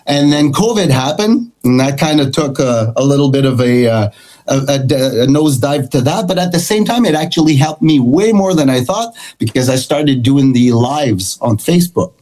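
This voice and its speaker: Animated storytelling middle-aged man. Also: mid-range voice, moderate pace, low-quality recording. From Canada. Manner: animated, acts out quoted dialogue. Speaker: guest, country guitarist. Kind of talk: storytelling interview chat.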